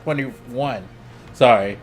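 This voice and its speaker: A young adult man streaming, telling a story casually, swearing freely and laughing as he goes, his voice jumping up when he gets excited. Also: medium pitch, slow pace. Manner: laughs between lines.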